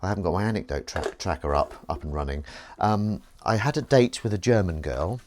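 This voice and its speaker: Man, lowish voice, very lively intonation, playful rambling live-stream chat. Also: fairly quick. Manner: chatty, playful, rambling with silly asides. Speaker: streamer host.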